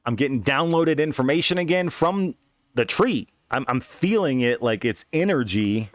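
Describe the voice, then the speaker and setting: A man's voice: medium pitch, normal speed, no room sound, studio quality. Profane, rambling man telling a story. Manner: animated, profane, rambling with restarts. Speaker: podcast host. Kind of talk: casual storytelling monologue.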